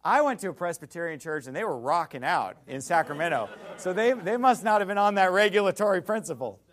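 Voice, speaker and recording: Fired-up guy preaching, high voice, super animated, mocking and punchy. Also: a little fast. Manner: fiery, mocking and emphatic preaching. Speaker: pastor. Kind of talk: sermon.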